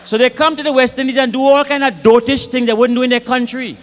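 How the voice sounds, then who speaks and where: Grenadian guy doing comic stories live, high voice, big hall echo. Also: fast talker. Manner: lively, dialect-rich, acts out voices. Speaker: storyteller. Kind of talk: stage comic storytelling. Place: concert hall with audience. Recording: live concert hall reverb, faint ambience.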